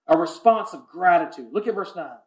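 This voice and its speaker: A man preaching a sermon as pastor, swinging between hushed, intimate lines and loud, impassioned ones. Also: high voice, lively intonation, a little fast, roomy sound. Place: church sanctuary.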